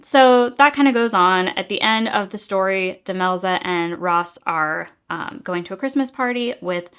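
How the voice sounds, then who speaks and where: A woman's voice: medium pitch, moderate pace, a bit bright, clear, resonant tone. A young adult woman giving a casual, exasperated book review, talking chattily with many fillers.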